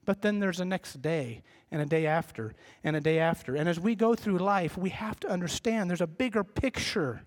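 High-voiced pastor in a reverberant hall. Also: male voice, moderate pace, hardly any pauses. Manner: conversational, self-deprecating, acts out quoted voices. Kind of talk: sermon.

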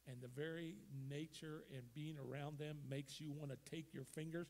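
A man preaching a sermon as pastor, emphatic, swinging from loud bursts to quiet, gravelly delivery. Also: fairly high pitch, fairly even intonation, normal speed. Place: church sanctuary.

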